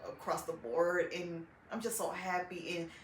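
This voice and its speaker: A woman giving a heartfelt, halting testimonial about her mother's treatment, holding back tears as she speaks. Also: lowish voice, fairly even intonation, slight background noise. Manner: heartfelt, halting, with many "um"s and "I just". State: tearful, holding back emotion. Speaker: client's daughter giving a testimonial. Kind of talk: personal testimonial. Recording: echoey room.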